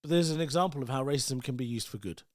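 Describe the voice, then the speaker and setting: A man's voice: medium pitch, fast talker, no echo, clean studio sound. A man, hosting his own podcast as a loose, rambling solo monologue full of asides. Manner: rambling, chatty, many asides and "like"s. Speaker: podcast host.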